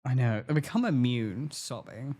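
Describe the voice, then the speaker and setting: Lively laughing man on stream. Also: medium pitch, normal speed. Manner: laughing, playful, acts out quotes. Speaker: streamer host. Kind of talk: casual chat on a livestream.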